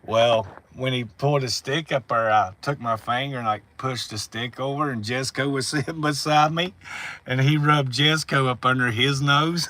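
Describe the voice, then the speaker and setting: A man's voice: fairly high pitch, moderate pace, sharp tone. A man on a livestream, telling rambling stories in a profane, drawling way. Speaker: livestream host. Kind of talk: casual storytelling on a livestream.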